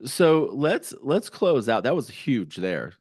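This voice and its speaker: A man's voice: medium pitch, sing-song, slow pace, darkish tone, breathy edge, no echo, studio quality. A man hosting a podcast interview, encouraging and affirming toward his guest. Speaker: podcast host. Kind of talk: casual interview conversation.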